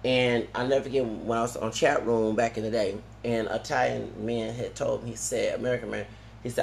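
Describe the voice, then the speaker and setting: A vlogger with a heavily gravelly, medium-pitched voice talks briskly through a loose, digressive monologue with little pitch movement, constantly restarting sentences and adding "okay?" The sound is roomy and echoey, with faint ambience and slight background noise.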